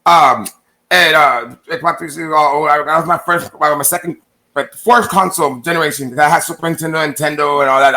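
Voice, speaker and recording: A man's voice: fairly high pitch, pushed and bright. A man casually telling a long personal story to his viewers, rambling and swearing, acting out what others said to him. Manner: rambling, profane, acts out quoted exchanges.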